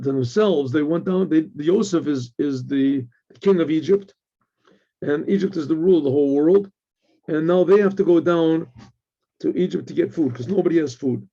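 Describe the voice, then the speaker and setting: Male Torah teacher with a slightly high, gravelly voice and an animated storytelling manner. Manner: clears throat often, animated storytelling with restarts. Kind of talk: informal Torah lesson, retelling with quotes. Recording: dull lo-fi recording.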